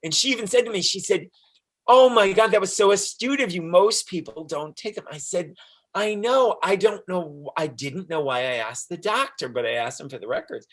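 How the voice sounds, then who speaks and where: A man's voice: high voice, animated, moderate pace, a bit bright. A man recounting his experience as an interview guest, telling it animatedly, acting out the dialogue and laughing often. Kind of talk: casual storytelling interview.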